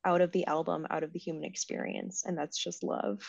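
A woman in her twenties in casual, reflective conversation, soft-spoken and quick to laugh. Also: fairly low pitch, flat delivery, creaky, no echo. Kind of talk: casual chat. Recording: dry, slightly dull sound.

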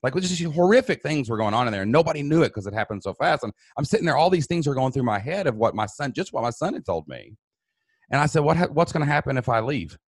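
A man's voice: medium pitch, sing-song, quick pace, slightly rough, no room sound. A man guest in an interview, earnestly telling an emotional personal story and acting out the dialogue. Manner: earnest, emphatic, acts out quoted dialogue.

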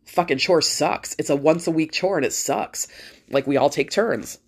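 A woman's voice: deep voice, moderate pace, a little mellow. Woman, middle-aged, podcast host, blunt, swears, rambling casual monologue.

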